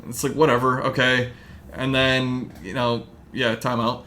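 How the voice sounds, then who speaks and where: A man's voice: mid-range voice, little pitch movement, unhurried, bright, forceful tone, slight background noise. Man rambling through a casual movie recap. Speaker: podcast host. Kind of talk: casual chat.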